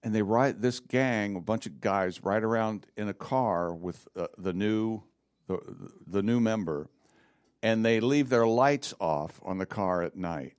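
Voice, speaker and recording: A man's voice: fairly low pitch, a little slow, darkish tone, clean tone. A man in casual comedic chat, joking and rambling, often trailing off mid-sentence.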